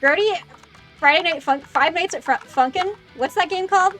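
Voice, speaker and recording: Excitable high-voiced woman streamer. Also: normal speed, soft background music. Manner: excitable, self-deprecating chatter. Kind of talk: casual gaming livestream chat. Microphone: close desk microphone.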